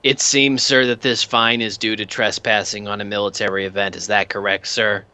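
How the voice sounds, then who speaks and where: A man's voice: lowish voice, flat delivery, moderate pace, pushed and bright, clean tone. A man voicing a prim female government desk clerk who talks politely and formally and keeps calling people sir.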